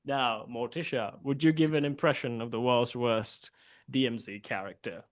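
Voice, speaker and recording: A man's voice: medium pitch, moderate pace. A man hosting an online improv game in a costume persona, playful and laughing, over a video call. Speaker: improv host.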